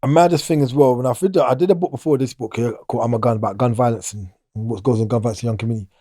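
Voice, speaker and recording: A man's voice: medium pitch, racing, dark tone, no echo, clean studio sound. A middle-aged man, talking casually as an interview guest, rambling and restarting his sentences. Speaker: guest, former prisoner.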